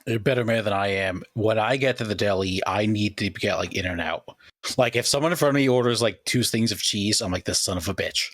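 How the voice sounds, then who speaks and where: A man's voice: lowish voice, brisk, fairly bright tone, no room sound. Dry, blunt man on a podcast. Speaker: podcast co-host. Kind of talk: casual chat.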